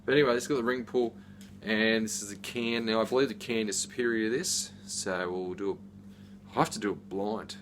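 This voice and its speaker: A middle-aged man talks through a beer haul in a loose, rambling way, piling up fillers and tangents. His voice sits a little low. A faint hiss of ambience runs underneath. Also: fairly even intonation, fairly quick, a bit bright. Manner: rambling, chatty, with many fillers. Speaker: beer reviewer. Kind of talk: casual unboxing chat.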